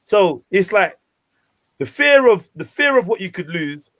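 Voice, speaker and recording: Passionate man with a high voice. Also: sing-song, a little slow, a bit bright. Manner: passionate, emphatic, street slang. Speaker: show host. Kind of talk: casual panel chat.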